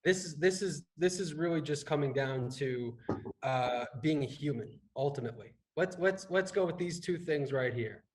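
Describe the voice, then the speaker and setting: A man with a fairly high voice speaks at a moderate pace, talking casually as a fitness and health coach on a business podcast. His delivery rambles with frequent restarts and a habit of ending points with "right?" Audio quality is poor.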